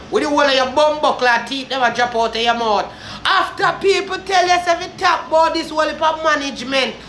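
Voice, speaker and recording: A woman's voice: reverberant, slight background noise. Heated Jamaican woman ranting. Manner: cursing, heated, swings from low grief to shouting. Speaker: vlogger. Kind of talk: ranting commentary.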